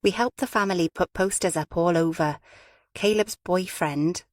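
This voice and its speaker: Woman reader doing a cool, haughty woman, stiffly polite, low voice. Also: fairly quick, dry recording, clean studio sound, natural voice.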